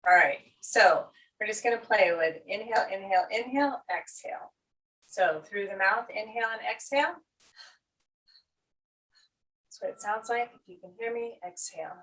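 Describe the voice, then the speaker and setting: A woman, a yoga therapist, calmly guiding a class through breathing exercises. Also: medium pitch, far from the mic, poor audio. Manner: slow, calm cueing of breaths. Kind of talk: guided breathing instruction.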